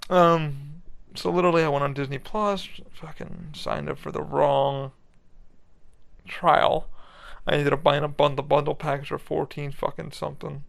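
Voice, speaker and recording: A man's voice: on the high side, steady tone, measured pace, gravelly. A young man hosting his podcast alone, rambling through a casual, profane chat from his bedroom and laughing often. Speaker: podcast host. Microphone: laptop recording.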